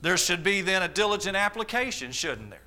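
A man's voice: high-pitched, sing-song, a little fast, sharp tone. A man, preaching a sermon with emphatic repetition and rhetorical questions. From Arkansas, US.

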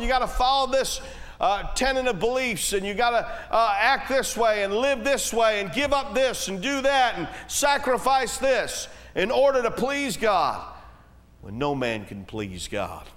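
A high-voiced man preaches in a folksy, conversational manner. He swells to emphatic peaks, then sinks low and slow. His voice carries a long reverb through a church hall. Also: expressive, a bit bright. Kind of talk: sermon.

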